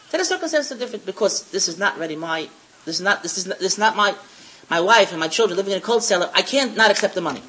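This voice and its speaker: A woman's voice: medium pitch, expressive, racing, fairly bright tone, lightly acted. A woman voicing a proud, devout poor father in a retold story, earnest and repeating himself.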